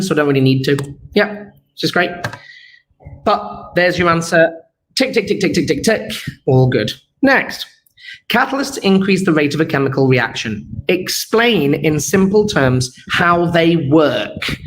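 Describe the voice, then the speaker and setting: A man's voice: high voice, a bit bright, a little hiss or hum, rough recording. A young man teaching an exam revision lesson, playful and jokey, walking through answers and checking that his students follow along. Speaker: chemistry teacher.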